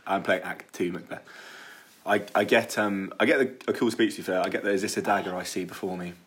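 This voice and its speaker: A man's voice: low-pitched, fairly even intonation, brisk, fairly bright tone, slightly rough. A young man, a podcast guest, chatting casually and telling rambling stories with dry self-deprecating humour.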